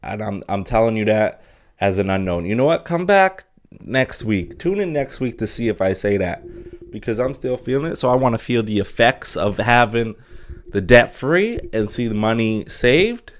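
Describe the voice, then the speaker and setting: A man's voice: fairly low pitch, expressive, normal speed. A young man hosting a solo podcast, chatting casually in a rambling, jokey way with many fillers and restarts. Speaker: podcast host.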